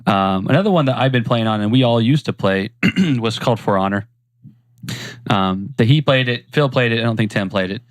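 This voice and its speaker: A man's voice: mid-range voice, brisk, dry recording. A young man co-hosting a casual gaming podcast, rambling along with many ums and restarts. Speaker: podcast co-host. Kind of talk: casual chat.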